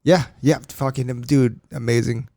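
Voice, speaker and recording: A man co-hosting a podcast, telling an excited, profanity-heavy travel story in casual chat. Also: mid-range voice, moderate pace, vocal fry, dry recording, studio quality. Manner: excited storytelling, heavy swearing, laughs often. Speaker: podcast co-host.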